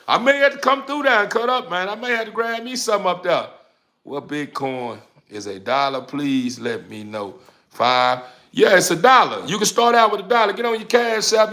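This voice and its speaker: Casting: young man, live-stream host, bright forceful voice, relaxed drawl, stumbles and repeats while reading chat. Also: medium pitch. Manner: laid-back, drawling, repeats words while reading comments. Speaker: dog breeder hosting a live stream.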